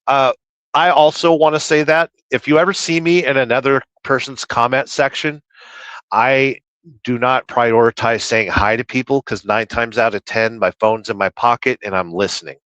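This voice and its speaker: Trucker guy ranting on his livestream, reads the chat out loud, dry sound. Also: medium pitch, steady tone, normal speed, no room sound, low-quality recording. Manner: rambling, opinionated, reads chat aloud.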